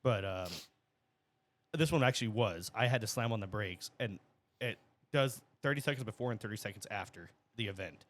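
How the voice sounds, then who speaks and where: A man's voice: fairly low pitch, fairly quick, a bit bright. Laid-back man telling crude stories. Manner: laid-back, profane storytelling. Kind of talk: casual podcast chat.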